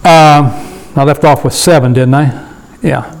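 High-voiced man preaching to a small group. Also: steady tone, creaky, poor audio. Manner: conversational, asks the room for agreement; slows down to read scripture aloud. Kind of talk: bible study sermon.

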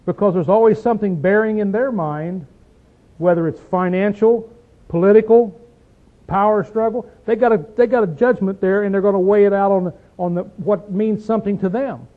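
Over a tinny, phone-like recording, a man with a high, steady voice preaches at a moderate pace. His conversational Bible study is folksy and emphatic, punctuated by "see?", "okay?" and throat clearing.

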